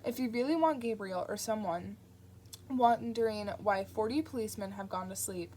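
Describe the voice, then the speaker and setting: A woman's voice: medium pitch, moderate pace, mellow, a little hiss or hum, natural voice. A woman voicing a prim, fussy male angel in an audiobook reading. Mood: worried.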